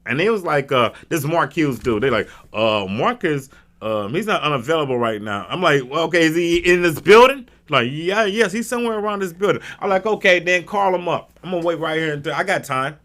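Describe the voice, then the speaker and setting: A man hosting a talk radio stream, telling a personal story in an animated way and acting out the people in it. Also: a little high. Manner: acts out the people in his story with quick voice changes; emphatic and indignant.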